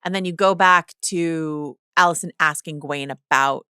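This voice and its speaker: A woman's voice: sits low, moderate pace, pushed and bright, clear, resonant tone, no room sound, clean studio sound. A woman co-hosting a podcast in casual chat, who keeps acting out characters' lines as she talks. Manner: chatty, acts out characters' lines mid-sentence. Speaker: podcast co-host.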